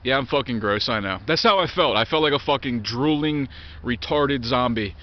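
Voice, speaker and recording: A man's voice: mid-range voice, moderate pace. A man in his thirties gives a candid vlog monologue. He talks bluntly and swears constantly, circling back and restarting his sentences. The recording sounds muffled and lo-fi. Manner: blunt, heavily profane, rambling with restarts. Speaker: vlogger. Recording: dull lo-fi recording.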